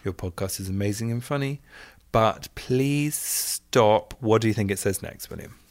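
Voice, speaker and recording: A man's voice: lowish voice, moderate pace, no room sound, clean studio sound. A man co-hosting a podcast, reading listener messages aloud with playful asides in casual chat.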